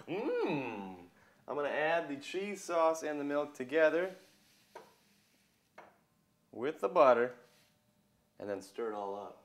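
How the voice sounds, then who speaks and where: A man's voice: fairly high pitch, fairly bright tone. A young man hosting a casual cooking video in a home kitchen, chatting viewers through each step.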